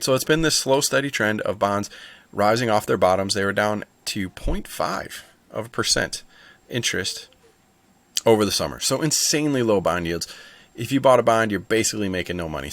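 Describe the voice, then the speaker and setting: A man's voice: lowish voice, fairly bright tone, no room sound. A man hosting a stock market video, chatting casually and thinking aloud with asides. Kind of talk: casual market commentary to camera.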